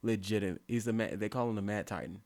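A young man co-hosting a casual podcast, animated, often stammering and repeating words as he talks. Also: fairly low pitch, quick pace. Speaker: podcast co-host.

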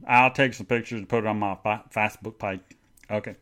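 A man's voice: on the low side, steady tone, a little fast, fairly bright tone, clear, resonant tone. A man hosting a live podcast show, rambling casually and reading out listener comments, with jokingly sarcastic show plugs. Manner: rambling, chatty, reads out listener chat comments. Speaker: podcast host.

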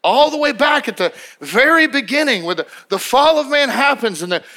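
A man preaching from the pulpit with a high-pitched voice. His tone is bright and forceful, and he talks to the congregation in an emphatic, conversational way. He often restarts and repeats words as he builds each point. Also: animated, moderate pace, vocal fry. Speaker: pastor. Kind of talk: sermon.

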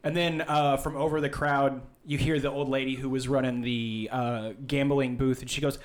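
A man narrating a tabletop game as game master, casual and relaxed with many fillers. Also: medium pitch, normal speed, hardly any pauses.

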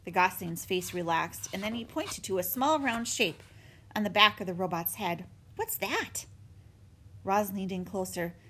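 A woman narrating a children's book in an expressive storytelling manner. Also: mid-range voice, moderate pace, slight background noise. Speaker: audiobook narrator.

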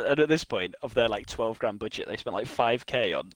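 A man's voice: on the low side, lively intonation, fairly quick, background noise. A young man chatting casually, retelling a story with restarts, fillers and laughs. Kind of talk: casual chat.

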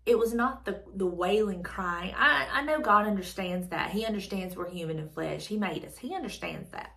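A woman's voice: medium pitch, moderate pace, creaky, a bit bright. A woman hosting a devotional channel, reading aloud and reflecting earnestly, repeating her phrases as she thinks things through.

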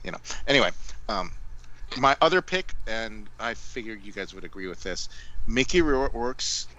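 A man's voice: fairly low pitch, lively intonation, normal speed, pushed and bright, rough recording. A man co-hosting a casual movie podcast, meandering with jokey asides. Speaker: podcast co-host.

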